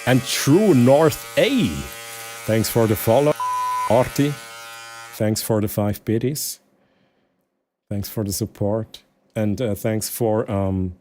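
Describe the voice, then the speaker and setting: A man from Switzerland with a Swiss German accent, a native Swiss German speaker chatting casually with his stream viewers in English, often pausing and restarting as he searches for words. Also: lowish voice, mellow. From Switzerland, Aargau. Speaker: live streamer.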